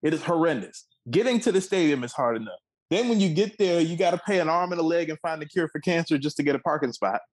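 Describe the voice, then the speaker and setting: A man's voice: fairly high pitch, lively intonation, fast talker, poor audio. A man in his twenties from the Washington, D.C. area, co-hosting a sports talk show with a heated, profane, emphatic rant. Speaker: co-host.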